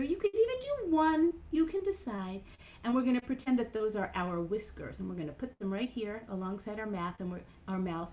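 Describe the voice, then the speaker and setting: A woman's voice: fairly high pitch, a little mellow. A woman cantor leading a playful children's program over a video call, animatedly guiding kids through movements.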